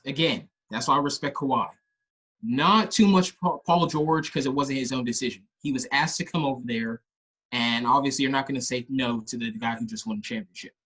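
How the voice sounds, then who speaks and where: A young man from Los Angeles co-hosts a casual comedy podcast. His voice is husky, and he talks in an animated way, breaking into loud high impressions of others. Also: a little fast, poor audio. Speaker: podcast co-host. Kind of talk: casual chat.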